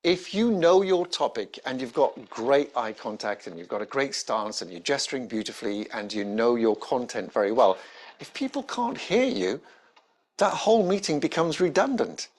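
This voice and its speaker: A man, a presentation skills trainer giving an instructional talk to camera with emphatic, varied intonation and deliberate pauses. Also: medium pitch, big pitch swings.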